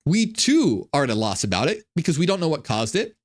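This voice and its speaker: A man's voice: sing-song, brisk. A man voicing panicking male servants of a cosmic ruler, frantic and crude. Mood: bewildered. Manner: frantic, high-pitched, crude.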